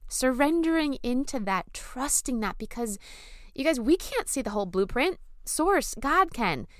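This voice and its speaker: A woman's voice: medium pitch, clear, resonant tone, dry recording, clean studio sound. A woman speaking as a spiritual self-help speaker in a motivational monologue, emphatic and casual, repeating phrases and sometimes getting emotional. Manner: casual slang and laughter.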